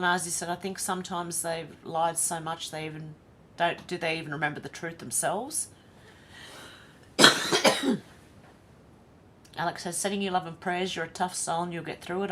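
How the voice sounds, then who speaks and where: A woman's voice: fairly low pitch, a little hiss or hum. An Australian woman hosting a casual livestream, chatting and reading viewer comments aloud one by one. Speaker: livestream host.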